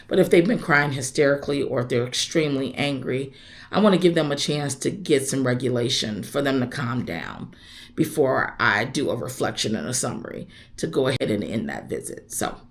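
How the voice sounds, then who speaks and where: A woman's voice: low voice, fairly bright tone. Woman chaplain, conversational direct-to-viewer teaching. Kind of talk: casual teaching vlog.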